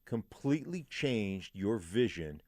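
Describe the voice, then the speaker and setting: Opinionated sports radio man, low voice. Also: sing-song, takes it slowly, darkish tone. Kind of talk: casual sports talk. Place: radio studio.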